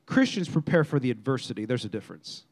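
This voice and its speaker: A man preaching a sermon as pastor, in a lively, conversational style that acts out quotes from people. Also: mid-range voice, quick pace.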